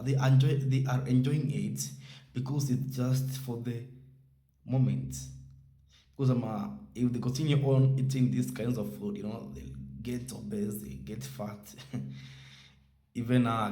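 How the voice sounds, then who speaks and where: A man hosting a reaction video, commenting in a halting way with many "uh"s. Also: medium pitch, warm tone. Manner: halting, full of "uh" and "um". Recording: echoey room.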